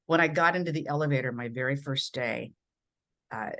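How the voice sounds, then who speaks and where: A woman's voice: very deep voice, brisk, fairly bright tone. A middle-aged or older woman from Minnesota, a veteran TV news journalist, telling career stories earnestly and emphatically in an interview. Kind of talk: conversational interview storytelling.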